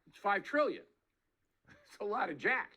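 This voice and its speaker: A man's voice: sits high, sing-song, normal speed, bright, forceful tone. A man giving blunt, folksy cable news commentary, stretching words for emphasis. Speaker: political commentator in played clip.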